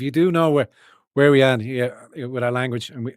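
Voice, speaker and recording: A man's voice: mid-range voice, brisk, dry recording, studio quality. Man ranting on a livestream. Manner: emphatic, profane, rambling with restarts. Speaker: livestream host. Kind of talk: rambling political commentary.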